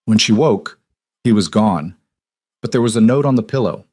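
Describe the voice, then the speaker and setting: A man narrating a romance audiobook in calm, measured scripted narration. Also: fairly low pitch, no room sound.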